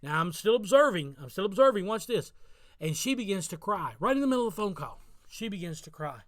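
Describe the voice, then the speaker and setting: A man's voice: sits high, big pitch swings, fairly quick, no room sound. A middle-aged man, a pastor, preaching a daily devotional sermon outdoors on his front porch, telling stories earnestly and repeating key phrases for emphasis.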